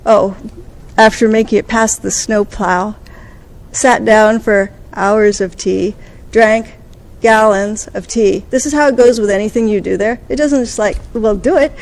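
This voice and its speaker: A woman giving a conference talk, telling a story and acting out the quoted dialogue with lively energy. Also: mid-range voice, measured pace. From United States. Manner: animated, acts out quoted dialogue. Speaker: conference speaker.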